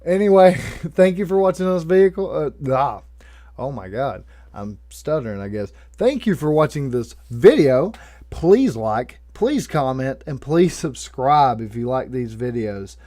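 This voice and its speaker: A young man narrating a comedic true story in a jokey, profane, animated way, swinging between loud and soft. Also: mid-range voice, a little slow. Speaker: storyteller and channel host.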